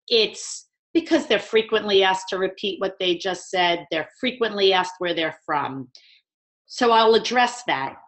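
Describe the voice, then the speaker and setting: A woman's voice: medium pitch, a bit bright. A woman with a New York accent, a communication trainer speaking emphatically in a webinar conversation.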